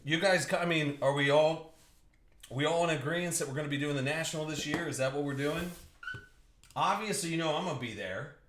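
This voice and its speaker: A man's voice: on the high side, a little fast, a bit bright, echoey room. A young man hosting a live card break, joking and riffing with viewers by name as he opens packs.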